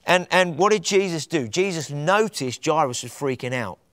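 A man preaching with passion, his voice sitting a little high and rising to emphatic peaks. The recording is dry and close, with no room echo. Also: expressive, moderate pace, fairly bright tone. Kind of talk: sermon.

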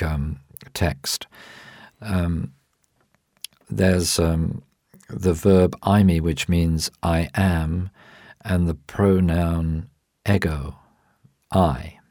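A man answering interview questions as a Bible teacher, explaining in a measured way with frequent ums and restarts. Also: sits low, a little mellow, no echo, clean studio sound.

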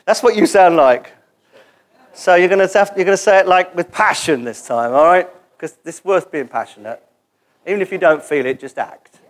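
A man with a high voice preaches a sermon to a church gathering at a moderate pace. He's animated and joking as he leads the congregation in call-and-response.

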